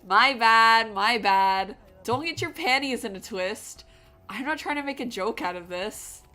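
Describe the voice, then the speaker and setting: A woman's voice: on the high side, expressive, measured pace, bright, forceful tone, soft background music. A woman voicing a brash, callous young male detective with a put-on valley-girl drawl. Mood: brushing off.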